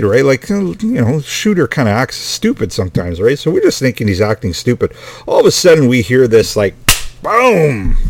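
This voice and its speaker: A man's voice: on the low side, a little mellow, no room sound. A middle-aged man telling a family story in a rambling, casual way, swearing often and sounding exasperated.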